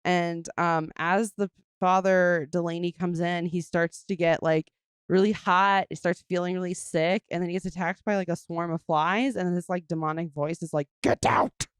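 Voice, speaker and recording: A woman's voice: lowish voice, steady tone, normal speed, clear, resonant tone, dry recording, clean studio sound. A woman hosting a podcast in casual chat, joking and laughing as she recaps a film's plot with lots of fillers. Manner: giggly, jokey, recaps the plot with many fillers. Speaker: podcast host; comedian.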